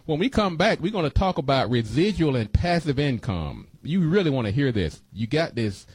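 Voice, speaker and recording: A male talk-radio host with a folksy, preachy delivery who repeats key points for emphasis. His voice sits in a middle pitch, and the studio sound is close and dry. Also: big pitch swings, moderate pace, a little mellow, breathy edge, dry recording. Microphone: studio microphone.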